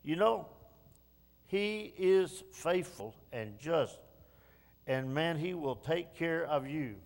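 A man's voice: on the high side, lively intonation, slow pace, creaky. A man preaching a sermon in a church, emphatic and repeating key phrases. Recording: long reverb of a church hall.

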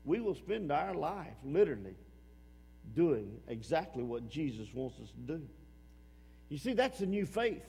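A man preaching a sermon with emphasis, repeating his phrases and swinging between loud and hushed. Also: fairly high pitch, big pitch swings, a little slow, vocal fry, husky, long reverb tail.

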